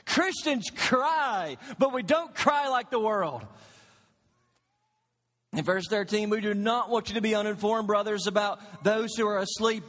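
A man in his thirties preaches to his congregation with a high voice. He tells stories, dropping to quiet tones and then climbing to loud, emphatic lines. The sanctuary carries a long, lingering reverb. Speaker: pastor. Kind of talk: sermon. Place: church sanctuary.

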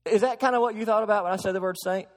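Pastor preaching in a reverberant sanctuary. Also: male voice, high voice, very fast. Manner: swings from soft explaining to loud preaching; asks the congregation questions. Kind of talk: sermon. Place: church sanctuary. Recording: long hall reverb.

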